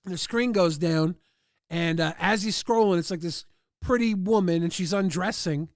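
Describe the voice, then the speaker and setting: A man's voice: high-pitched, moderate pace, no echo, clean studio sound. A man hosting a livestream, rambling through crude anecdotes with loose fillers and acting out other people's lines in raised voices. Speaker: livestream host. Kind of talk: casual storytelling.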